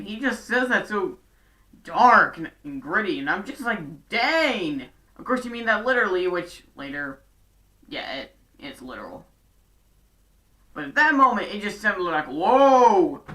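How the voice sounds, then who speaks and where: Chatty woman recapping a show, bright. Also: medium pitch, recorded from a distance. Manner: chatty, sarcastic asides. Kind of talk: casual episode recap.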